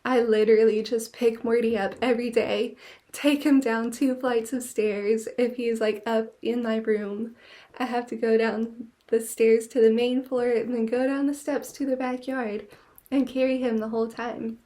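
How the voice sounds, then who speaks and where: A young woman chats on her own podcast in a loose, gushing way, with "like" in nearly every line. Her voice sits a little higher than most women's. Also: little pitch movement, moderate pace, warm tone. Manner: chatty, many "like" fillers, gushing. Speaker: podcast host. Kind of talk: casual monologue.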